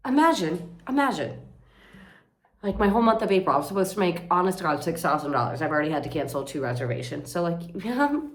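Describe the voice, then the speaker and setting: A woman's voice: on the low side, animated, very fast. A young woman venting in a casual vlog, exasperated and rambling, swearing freely. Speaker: vlogger.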